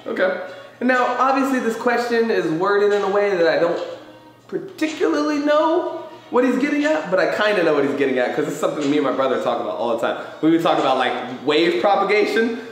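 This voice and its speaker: A man hosting a live question-and-answer show, talking in a loose, animated way about feelings and life and swearing casually. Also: high voice, a little fast, soft background music. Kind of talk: casual motivational chat. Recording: very echoey room.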